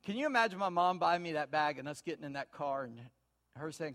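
This pastor preaches a sermon in a high, quick voice, telling homespun stories in a folksy manner. He swings from hushed asides to loud, emphatic points.

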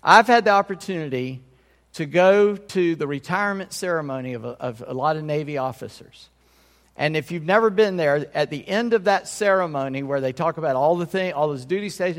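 A man's voice: fairly high pitch, a little fast, in a large hall. A man pastor preaching a sermon in a conversational way, often checking in with his congregation.

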